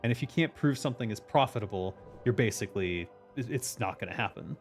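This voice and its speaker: A man's voice: fairly low pitch, animated, fast, faint music behind. A man hosting a casual stream chat as a game designer, ranting emphatically with lots of swearing.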